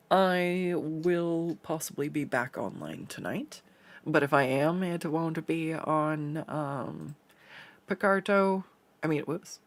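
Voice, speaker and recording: A man's voice: a little high, vocal fry. A man chatting casually while he draws on a stream, telling rambling stories with plenty of fillers and laughs. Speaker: artist streaming a drawing session. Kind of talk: casual chat while drawing.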